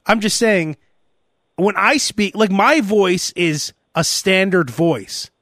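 A man hosting a podcast in casual chat, telling stories in an animated way and slipping into mock voices. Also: sits high, slow, no room sound, clean studio sound. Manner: animated storyteller, often slips into mock voices. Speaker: podcast host.

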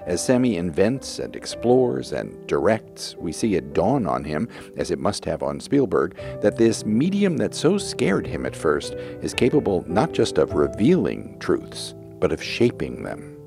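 A man film critic reads a scripted review with expressive emphasis. His voice is very deep and gravelly, and his pitch swoops widely. Soft music plays under him. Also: unhurried, few pauses. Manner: expressive, rising emphasis on key words.

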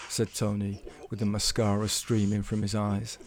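A man telling a comic story in a measured, deadpan way. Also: on the low side, slight background noise. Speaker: storyteller guest.

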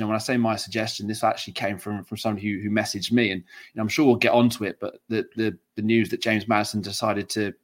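A man from England hosting a football podcast, chatting casually with restarts and laughs. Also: lowish voice. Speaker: podcast host.

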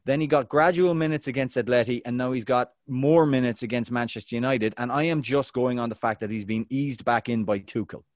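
A man co-hosts a casual football chat, telling his stories with big jumps in pitch. His voice sits at a middle pitch. The recording is dry and close, with no room sound. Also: brisk, hardly any pauses, dry recording. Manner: animated storyteller, big pitch swings. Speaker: podcast co-host.

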